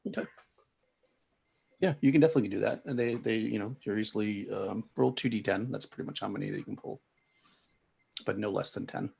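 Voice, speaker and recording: A man runs a tabletop game, talking through scenes in a rambling way. His voice is low, with gravelly fry and a husky edge. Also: fairly quick, pauses often, darkish tone. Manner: rambling, full of fillers and restarts. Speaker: game master.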